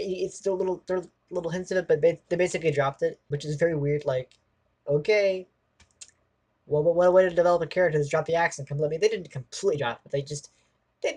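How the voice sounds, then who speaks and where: A man hosting a casual movie review. He rambles in an animated way, restarts his sentences often, fills them with "like" and laughs often. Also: a little high. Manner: laughs often while talking.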